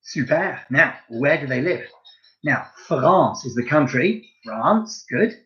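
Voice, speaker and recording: Taking it slowly in a medium-pitched voice, a man teaches young children French at primary level in a home-learning lesson. He addresses his pupils directly, staying lively and encouraging and praising them often, and the recording sounds lo-fi.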